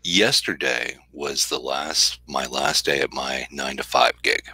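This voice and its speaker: A man speaks as a guest on a video call, soft-spoken and halting, with many fillers. His voice is extremely deep and gravelly, with a bright, sharp edge and a lively rise and fall. The sound is dry. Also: rough recording. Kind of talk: casual chat.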